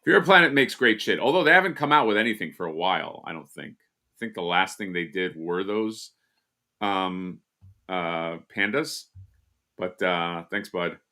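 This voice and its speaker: A man's voice: deep voice, moderate pace, sharp tone. A man co-hosting a casual live stream, rambling and joking with lots of fillers and restarts. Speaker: co-host.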